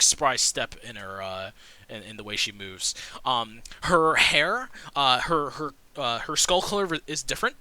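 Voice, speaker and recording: Man as game master, halting loose narration, very bright voice, dry close sound. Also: medium pitch, no room sound. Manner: halting, full of fillers and restarts.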